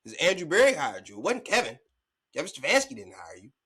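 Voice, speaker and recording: Man, sports podcast host, casual slangy commentary, bright forceful tone, fairly high voice. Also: quick pace. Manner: animated, conversational, slangy, acts out players' reactions.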